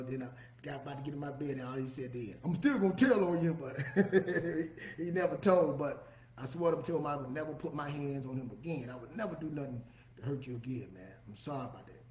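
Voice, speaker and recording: A man's voice: medium pitch, a little mellow, a little hiss or hum. A middle-aged man, talking casually as a podcast host and often asking "you know what I'm saying". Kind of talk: casual monologue. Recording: echoey room, dull lo-fi sound.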